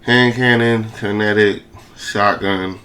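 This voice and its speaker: A young man who makes gaming videos gives casual, excited play-by-play full of slang and repetition, his words slurred and lisped. His fairly low voice is steady, slow, bright and forceful, over slight background noise.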